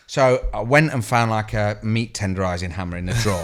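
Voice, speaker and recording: A man co-hosting a podcast, telling scary stories in animated casual chat, swearing freely and acting out voices. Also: fairly low pitch, a little fast, hardly any pauses. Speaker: podcast co-host.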